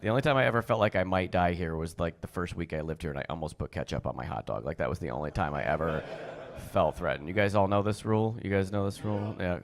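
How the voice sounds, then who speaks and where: A man from New Jersey doing a stand-up comedy set on stage, chatting fast and acting out the people in his stories with high put-on voices. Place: comedy stage before a live audience.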